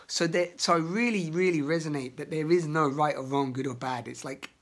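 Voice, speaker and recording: A man's voice: a little high, brisk. Man venting in a rambling outdoor vlog. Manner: rambling, emotional, swears often, shouts in bursts. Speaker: vlogger. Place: outdoors in nature.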